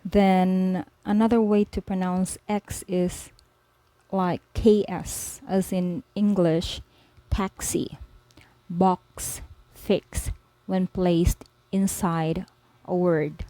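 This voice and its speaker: A woman's voice: on the low side, little pitch movement, drawn-out words, mellow, dry recording, rough recording. A woman teaching a spoken language lesson, explaining each letter patiently and repeating every example word several times. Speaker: language tutor.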